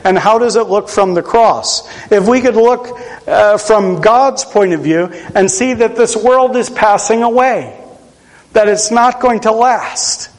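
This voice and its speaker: A man from Pennsylvania delivers a sermon in a relaxed, conversational tone. His voice sits high for a man. He drops in dry jokes at his own expense as he teaches. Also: measured pace, low-quality recording. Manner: conversational, self-deprecating humor. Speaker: preacher.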